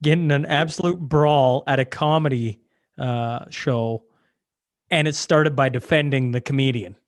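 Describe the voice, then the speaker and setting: A man's voice: mid-range voice, steady tone, unhurried. A man hosting a podcast, asking eager, curious questions in casual chat. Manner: curious, eager questions, talks of his wife. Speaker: podcast host.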